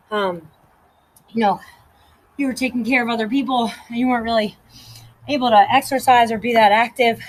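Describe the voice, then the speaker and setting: A woman's voice: fairly high pitch, no echo, rough recording. A woman fitness instructor leading a workout and counting reps aloud, out of breath and encouraging.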